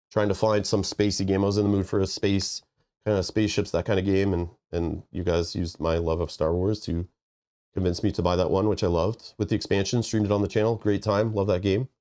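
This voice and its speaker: Stuffy nosed guy chatting on his stream, lowish mellow voice, rambly. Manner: rambling, joking asides. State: congested, nasal. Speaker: livestream host. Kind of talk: casual live-stream chat.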